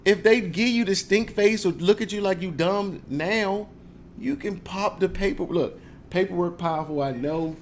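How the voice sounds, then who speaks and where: A man talks casually to the camera, animated and joking, acting out confrontations with mock questions. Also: high-pitched, moderate pace, a little hiss or hum. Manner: animated, joking, mock-confrontational role-play with frequent laughs. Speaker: speaker giving advice to viewers.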